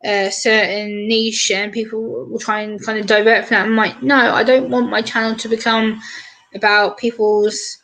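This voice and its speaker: A woman chatting on a live stream, retelling stories in an animated way with lots of quoted voices. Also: medium pitch, slight background noise. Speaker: streamer guest. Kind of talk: casual chat on a live stream.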